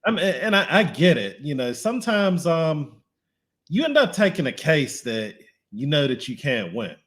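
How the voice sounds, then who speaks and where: A man's voice: a little high, big pitch swings, normal speed, a bit bright. A man co-hosting a casual talk show, easygoing and chuckling, often restarting his phrases. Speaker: podcast co-host. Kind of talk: casual chat.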